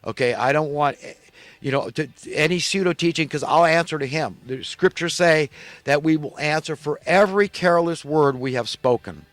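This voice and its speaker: Man, high voice, ranting preacher, indignant, dry close sound. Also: brisk, a bit bright, no echo. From California. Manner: ranting, indignant, repetitive emphasis. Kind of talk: impassioned monologue.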